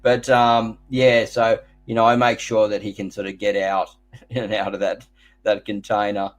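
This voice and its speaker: A man's voice: fairly low pitch, little pitch movement, normal speed. An Australian man hosting a live gardening Q&A, chatting casually and rambling into jokey stories. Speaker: host.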